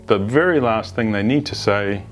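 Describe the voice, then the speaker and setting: A lowish-voiced man, an agile coach presenting a video series, explains things at a moderate pace in unscripted, conversational instruction. He often restarts phrases and adds asides, with soft music in the background.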